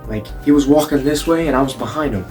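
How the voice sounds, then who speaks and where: A man's voice: mid-range voice, fast, darkish tone. Young guy ranting candidly, swears a lot, trips over his words, faint music under it. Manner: profane, blunt, stammers and repeats words. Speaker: vlogger. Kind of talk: candid storytelling monologue.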